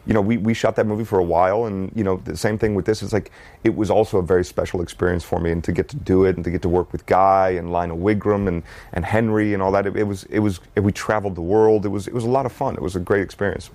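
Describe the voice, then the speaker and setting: Male actor guest, low voice, dry close mic, loose rambling delivery. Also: steady tone, fast, hardly any pauses, a little mellow, no room sound. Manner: easygoing, rambling with restarts. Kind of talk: casual interview chat.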